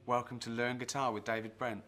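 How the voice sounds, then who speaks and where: A man's voice: medium pitch, little pitch movement, fairly quick, natural voice. An actor playing a self-deluded middle-aged male sales rep, rambling awkwardly with lots of ums and nervous chuckles in a comic mock guitar lesson. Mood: awkward boastful. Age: 40s. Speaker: would-be guitar teacher.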